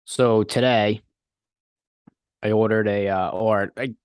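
A man's voice: lowish voice, fairly even intonation, takes it slowly, darkish tone, clear, resonant tone, no echo. A man co-hosting a casual podcast, dropping short dry sarcastic remarks. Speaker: podcast co-host. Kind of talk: casual chat.

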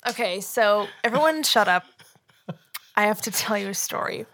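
A woman's voice: medium pitch, lively intonation, moderate pace, fairly bright tone. A young woman co-hosting a casual podcast, telling a story about herself in a self-mocking, giggly way. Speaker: podcast co-host. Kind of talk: casual chat.

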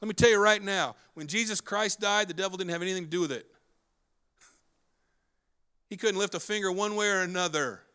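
Male pastor preaching with an animated delivery, bright and forceful, acts out scenes. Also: sits high, brisk, long pauses, clear, resonant tone. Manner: animated, wide swings in loudness and pace; acts out quoted dialogue. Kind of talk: sermon.

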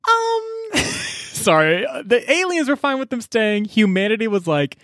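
A man co-hosting a casual chat, animated and slangy, swearing and joking in quoted voices. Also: very high voice, a little slow, no room sound, clean studio sound. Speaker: podcast co-host.

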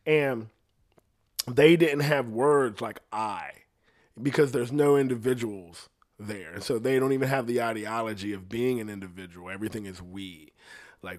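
A man telling a story in a casual, animated monologue, swearing freely and putting on voices for the people he quotes. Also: medium pitch, moderate pace. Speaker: singer recounting a story.

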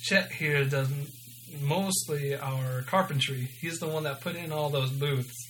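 A man's voice: fairly high pitch, a little slow, fairly bright tone, a little hiss or hum, poor audio. A man voicing a chatty small-town diner waitress, talkative and gossipy, in a story read aloud.

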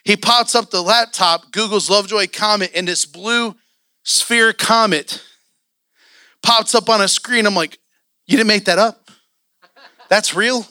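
Bright, animated man preaching a story. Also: high voice, measured pace, smooth, no echo, studio quality. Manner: animated storytelling with acted-out quotes. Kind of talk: storytelling sermon. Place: church sanctuary.

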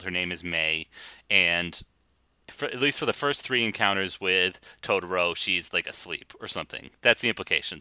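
Man, low pitch, very bright forceful tone, dry close sound, casual film chat, laughs often. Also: no echo. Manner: chatty, laughs often, restarts sentences. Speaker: podcast co-host.

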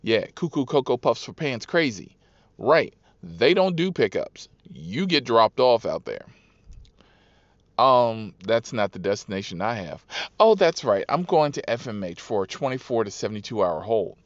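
A man who drives for a rideshare service, telling profane, animated stories about his riders and acting out their voices. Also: medium pitch, normal speed, dry recording. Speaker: rideshare driver and podcast host. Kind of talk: casual storytelling monologue. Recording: dull, dry lo-fi recording.

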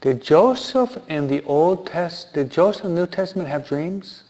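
Heard through a dull lo-fi recording, this man's slightly high, mellow voice is expressive and moderately paced. He teaches the Bible informally, asking rhetorical questions and repeating important points to stress them.

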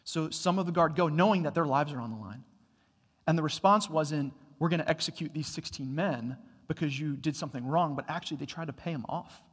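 A man delivers a sermon in a church hall, his voice a touch higher than most men's. He tells stories with rising energy, then slows to quiet, deliberate emphasis. A long reverb trails every word. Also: slightly rough. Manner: storytelling, builds to loud excited bursts then drops quiet. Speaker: pastor.

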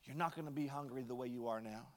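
A man's voice: medium pitch, quick pace, big-room sound. A man preaching a sermon as pastor, in a conversational storytelling way with light humor.

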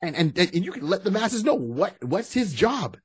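A man co-hosting a casual podcast, animated and breaking into quoted voices as he talks. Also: high-pitched, normal speed, husky, dry recording. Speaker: podcast co-host. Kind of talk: casual chat.

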